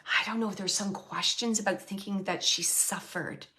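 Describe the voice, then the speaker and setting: A woman hosting a live mediumship reading, gently relaying spirit messages and often pausing to thank the spirit. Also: medium pitch, steady tone. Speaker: psychic medium and show host.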